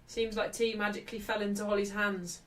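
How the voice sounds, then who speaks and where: A woman hosting a live football watchalong, chatting cheekily and shouting out at refereeing calls. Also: medium pitch, little pitch movement, brisk, far from the mic, noisy background. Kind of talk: live match watchalong commentary.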